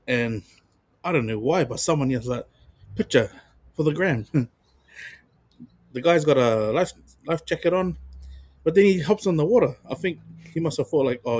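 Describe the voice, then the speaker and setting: Husky laid-back New Zealand man. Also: mid-range voice, a little mellow, no room sound. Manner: laid-back storytelling with slang and chuckles. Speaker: podcast co-host. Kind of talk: casual chat.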